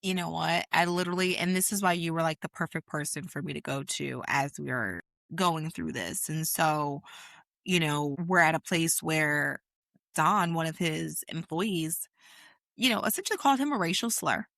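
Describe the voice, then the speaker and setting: A woman's voice: low-pitched, expressive, moderate pace, creaky, a bit bright, no echo, clean studio sound. A woman co-hosting a podcast, talking with passion and emphasis in casual conversation and swearing freely. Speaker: podcast co-host. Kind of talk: casual chat.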